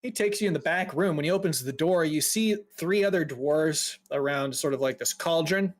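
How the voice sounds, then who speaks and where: A man narrating as game master of a tabletop game, relaxed and descriptive, with frequent ums. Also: fairly high pitch, moderate pace.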